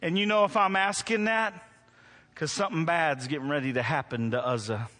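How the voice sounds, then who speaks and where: A man's voice: a little high, fairly even intonation, brisk, bright, forceful tone. A middle-aged male pastor preaching to a congregation, mixing humorous stories with emphatic preaching. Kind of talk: sermon. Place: church before a congregation.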